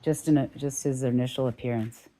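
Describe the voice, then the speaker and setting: A woman's voice: rumbling low, fairly even intonation, a little fast, dark tone, a little hiss or hum. A woman hosting a casual livestream who laughs easily and reads out viewer chat. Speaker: livestream host.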